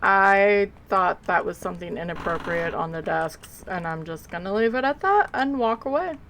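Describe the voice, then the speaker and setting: A woman's voice: medium pitch, expressive, normal speed, a bit bright, a little hiss or hum, rough recording. A woman streamer talking casually to her viewers while she plays, rambling and sleepy, yawning between remarks. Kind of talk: casual live gameplay commentary.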